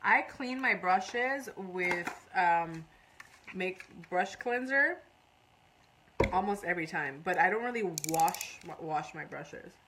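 A woman's voice: fairly low pitch, expressive, slow, noisy background. Chatty woman mixing in learner's Spanish. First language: English. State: runny nose. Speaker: makeup artist streaming live. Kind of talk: casual live-stream makeup tutorial.

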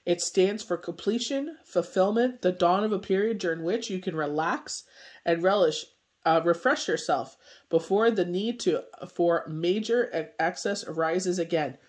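Speaking at a measured pace, this tarot reader and medium has a voice that sits high. His card reading is a laid-back forecast, delivered in a loose, meandering style packed with filler words.

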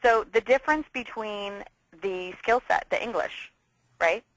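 A woman hosting a casual business interview, enthusiastic and talking in quick bursts. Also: mid-range voice, dry recording, low-quality recording. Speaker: interview host.

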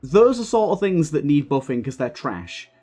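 A young man commenting on his own gameplay, swearing freely and getting heated as he talks. His pitch swings widely from line to line. Faint game music plays beneath his voice. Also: big pitch swings, normal speed, warm tone. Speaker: gaming video creator.

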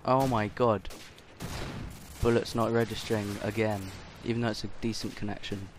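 A man with a lowish voice commentates over his first-person shooter gameplay, game gunfire audible behind him. This gaming channel host is jokey and excitable, and missed shots frustrate him fast.

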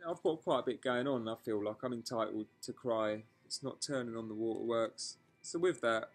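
A man's voice: mid-range voice, fairly quick, faint music behind. A man telling a personal story to camera in a candid vlog, frank and emotional, swearing freely and restarting his sentences as he goes. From England. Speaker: vlogger.

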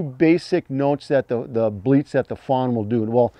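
A man teaching hunting calls in a plain-spoken, folksy way, breaking into high imitated fawn cries as he explains. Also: unhurried, dark tone, no echo. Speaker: hunting call instructor. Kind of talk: instructional talk.

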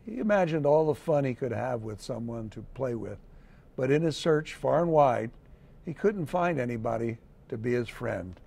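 A man, a city mayor, reading a children's picture book aloud in a gentle storytelling manner. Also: mid-range voice, gravelly, breathy edge. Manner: gentle, slow storytelling with lively read-aloud voices.

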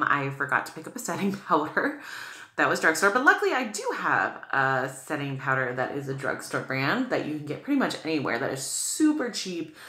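Lively, bright-voiced woman doing makeup. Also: deep voice, roomy sound. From New England. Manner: chatty, gushing, full of "like" and "okay". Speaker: beauty vlogger. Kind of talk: makeup tutorial chat.

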